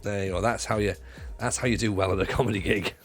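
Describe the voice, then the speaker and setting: Gravelly-voiced jokey man on stream. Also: on the low side, fairly even intonation, quick pace, over music. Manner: jokey, chatty, stops and restarts, swears freely. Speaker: livestreamer and former stand-up comic. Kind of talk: casual livestream chat with viewers.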